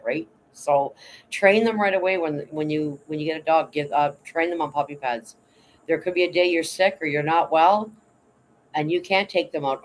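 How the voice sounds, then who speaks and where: A man's voice: on the high side, slight background noise, low-quality recording. A tired man chatting casually on a livestream, rambling and blunt, swearing now and then while reading out chat. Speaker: vlogger reading live chat.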